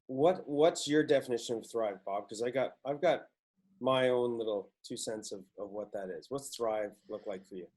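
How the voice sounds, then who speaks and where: A man's voice: medium pitch, moderate pace, darkish tone. A man hosting a podcast, talking casually in an emphatic, profane way that hammers his points home. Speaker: podcast host.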